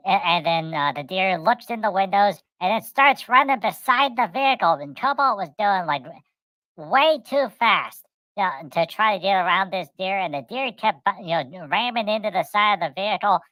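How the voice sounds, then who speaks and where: A middle-aged woman co-hosting a casual chat, telling rambling, animated stories and acting out the voices in them. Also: medium pitch, normal speed, dry recording, rough recording. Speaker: co-host.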